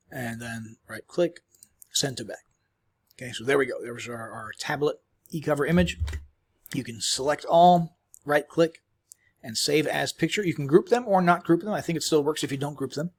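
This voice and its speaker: A man giving a casual, rambling screen-recorded software tutorial, chewing as he talks, with many fillers and restarts. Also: mid-range voice, husky. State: chewing while talking. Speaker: tutorial host.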